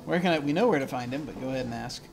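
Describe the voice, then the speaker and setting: A man's voice: mid-range voice, rapid-fire, vocal fry, music in the background. A man narrating a video game, thinking aloud and reading the game text in a casual way. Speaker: let's play host. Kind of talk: casual gameplay commentary.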